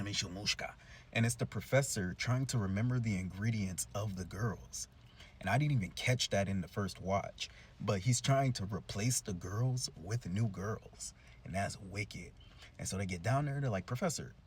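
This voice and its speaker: A young man casually recapping a cartoon episode in a chatty, slangy, animated way. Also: lowish voice, a little hiss or hum. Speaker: cartoon reviewer.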